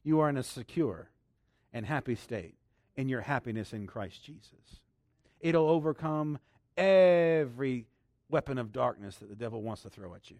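A man preaching a sermon, exuberant and laughing, swinging between hushed and loud lines. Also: mid-range voice, a little fast, no room sound, studio quality. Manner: leads congregation in a loud spoken declaration.

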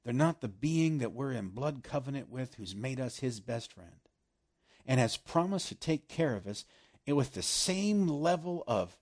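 A man preaching a sermon, swinging from loud emphasis down to hushed, almost whispered lines. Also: medium pitch, big pitch swings, measured pace.

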